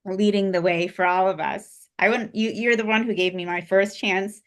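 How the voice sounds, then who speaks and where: A woman's voice: mid-range voice, moderate pace, few pauses, fairly bright tone. A woman co-hosting a live-stream chat, rambling with lots of fillers and speaking in an effusive, heartfelt way. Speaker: co-host presenting spiritual interview series.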